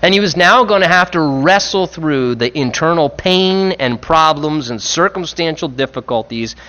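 A man preaching a sermon in an earnest, reflective way, pressing on key phrases and slowing them down. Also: fairly high pitch, expressive, bright, forceful tone, highs cut off.

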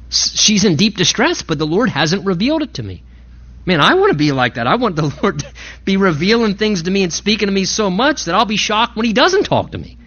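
A man preaching a sermon, impassioned and rising in pitch and volume to stress his points. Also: sharp tone, muffled recording. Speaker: pastor.

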